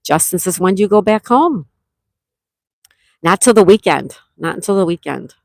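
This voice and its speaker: This livestream host from Western New York talks at a moderate pace in a fairly low, gravelly voice that's expressive and a little mellow, with no room sound. Sitting in a campsite cabin, she keeps things casual, welcoming viewers by name and reading out their comments mid-conversation.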